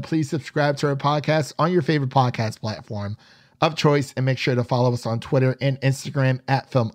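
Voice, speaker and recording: A man's voice: medium pitch, no echo. A man co-hosting a podcast, chatting casually and laughing often as he rambles through a review. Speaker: podcast co-host.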